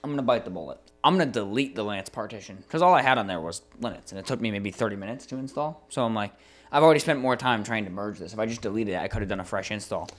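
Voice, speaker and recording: A man's voice: lowish voice, very fast. Exasperated man telling a tech saga. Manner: animated, exasperated storytelling with frequent swearing. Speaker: podcast co-host. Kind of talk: casual storytelling chat.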